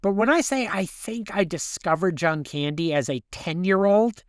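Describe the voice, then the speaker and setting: A man co-hosting a podcast in casual movie chat, animated and swearing freely as he talks. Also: high voice, normal speed, dry recording, studio quality. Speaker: podcast co-host.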